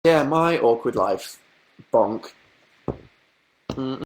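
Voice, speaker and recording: A man's voice: animated, drawn-out words. Chatty young man livestreaming. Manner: chatty storytelling, acting out quotes in higher voices, laughing. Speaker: livestream host. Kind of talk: casual livestream chat.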